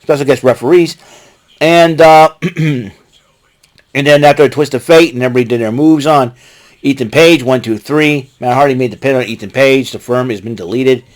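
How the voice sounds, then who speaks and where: A man's voice: medium pitch, moderate pace. A man casually recapping a wrestling show, rambling with fillers and often breaking into laughter. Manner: watching a ball game while talking.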